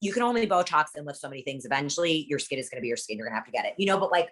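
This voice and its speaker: A woman's voice: low voice, lively intonation, fairly bright tone. A young woman from Guatemala, a guest in a casual interview, talking bluntly and emphatically with plenty of swearing. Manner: blunt, profane, rapid-fire and emphatic. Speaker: interview guest, plastic surgery practice worker.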